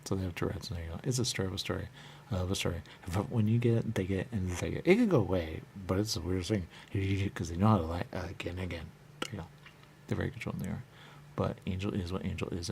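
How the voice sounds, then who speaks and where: A man with a very low, gravelly voice rambles through a loose monologue, circling back to the same catchphrases again and again. A faint hiss of noise sits under his voice. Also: darkish tone. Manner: repetitive, rambling, repeats catchphrases. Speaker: radio show host.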